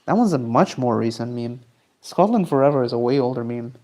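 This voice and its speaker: A man's voice: medium pitch, lively intonation, fairly quick, darkish tone. A man streaming live, chatting casually and rambling as he answers his chat while he draws. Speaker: streamer and artist.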